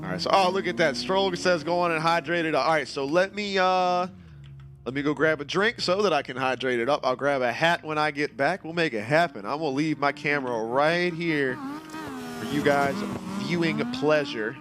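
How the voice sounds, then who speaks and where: A man's voice: on the high side, normal speed, fairly bright tone. Tired man streaming, noisy background. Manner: laid-back, chatty, reads chat aloud. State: tired, yawning. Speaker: streamer hosting a racing game community. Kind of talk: casual live-stream chat.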